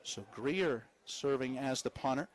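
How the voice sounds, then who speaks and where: Calling a live high school football game, this West Virginia-accented announcer moves quickly from play to play, reading sponsor spots in the gaps. Big plays send his voice rising with excitement, and he tosses in chatty side remarks along the way.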